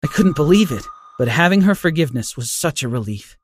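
A man narrating a scripted first-person story in an expressive, dramatic way. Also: on the high side, a little fast, slight background noise.

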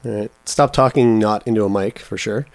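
A man's voice: on the low side, fairly quick, dry recording. Male podcast co-host, loose and profane, dry close mic. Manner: profane, animated, joking. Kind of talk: casual podcast banter. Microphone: studio mic.

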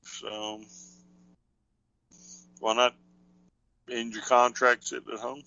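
A man in a loose podcast chat who wanders through his points and leans on fillers as he thinks aloud. His voice is bright and forward, recorded close and dry with no room sound. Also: medium pitch, level tone, takes it slowly, smooth, dry recording, poor audio. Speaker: podcast co-host. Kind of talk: casual wrestling chat.

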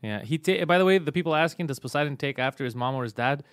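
Brash fast-talking man on a podcast. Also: a little high, lively intonation, clear, resonant tone, dry recording, studio quality. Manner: brash, fast, profane joking. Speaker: podcast host. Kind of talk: casual comedy chat.

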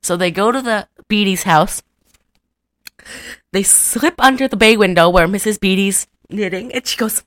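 A woman chatting casually as a podcast co-host, retelling a cartoon with giggles and quick voice impressions. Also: mid-range voice, no echo, studio quality. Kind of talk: casual chat.

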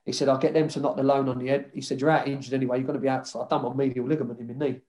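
A man's voice: mid-range voice, little pitch movement, racing, a little mellow. A man, a former footballer casually telling rambling anecdotes in an interview, swearing freely.

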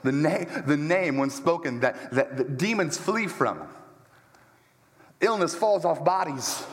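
A man preaching a sermon as pastor, animated and emphatic, with joking asides, walking around as he speaks. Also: fairly high pitch, slow. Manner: walks around while preaching. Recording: long church-hall reverb.

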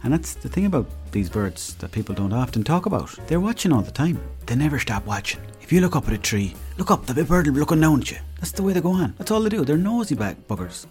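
A man's voice: a little high, sing-song, fast talker, hardly any pauses, a little mellow, faint music behind. A young man with an Irish accent hosting a podcast, telling stories in a rambling, chatty way. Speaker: podcast host. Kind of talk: casual comedic monologue.

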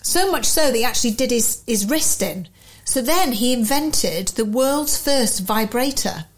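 Chatty woman, slightly high voice. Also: expressive, a little slow. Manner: chatty, giggly, trails off mid-sentence. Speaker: podcast co-host. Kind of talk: casual chat.

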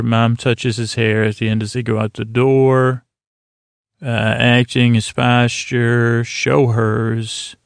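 A man's voice: medium pitch, creaky, no room sound, studio quality. A man hosting a podcast, recapping an episode in a casual, rambling way with lots of hesitant fillers. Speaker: podcast host.

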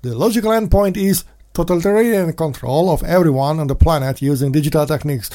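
A man hosting a casual commentary monologue, sarcastic, mocking in put-on voices and breaking into sudden shouts. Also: fairly high pitch, fast, few pauses. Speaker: podcast host.

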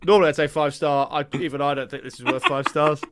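Brisk, teasing man. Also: a little high, steady tone, fairly bright tone, slight background noise. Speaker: podcast co-host. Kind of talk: casual comedy chat.

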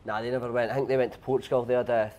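A Scottish man talking as a guest footballer, relaxed and hesitant with fillers. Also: mid-range voice, rapid-fire, a little hiss or hum. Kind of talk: casual interview.

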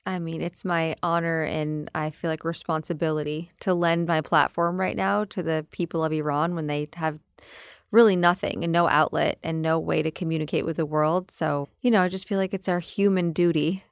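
A woman guest in a podcast interview, chatty and animated, laughing easily. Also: low voice, normal speed, smooth, dry recording, clean studio sound. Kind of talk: interview conversation.

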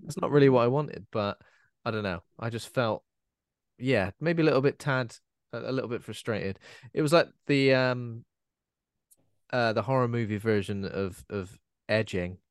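A man in mid-range pitch chats through a film review for a podcast, circling back on his words and cracking jokes at his own expense. The sound is dry and close, with no room around him. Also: normal speed, clear, resonant tone, no room sound. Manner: rambling, self-correcting, jokey, animated when quoting. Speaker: podcast co-host, film critic. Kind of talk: casual film review chat.

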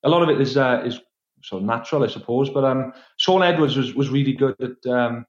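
A man with a Welsh accent, a podcast guest, talking casually in a relaxed, hesitant, self-deprecating way. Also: medium pitch, fairly quick, roomy sound, lo-fi sound. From Wales. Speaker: guest, retired rugby player. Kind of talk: casual chat.

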